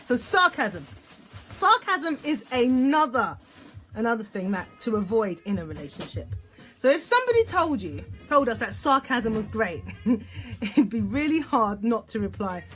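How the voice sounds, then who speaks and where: A woman relationship therapist giving an instructional talk, animated, checking in often with "okay?" and acting out example phrases. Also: fairly high pitch, normal speed, faint music behind. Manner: acts out example phrases in voices.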